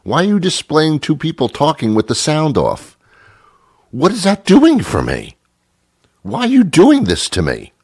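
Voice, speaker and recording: A man's voice: fairly high pitch, huge pitch swings, measured pace, darkish tone, husky, no echo. A middle-aged man hosting a talk show, delivering an exasperated comic rant full of rhetorical questions into a studio mic. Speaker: radio show host.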